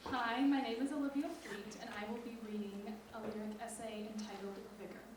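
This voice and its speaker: A teenage girl reading her own lyric essay aloud on stage in a measured, expressive way. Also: a little high, noisy background. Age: teens. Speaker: student writer. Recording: echoey hall from far off.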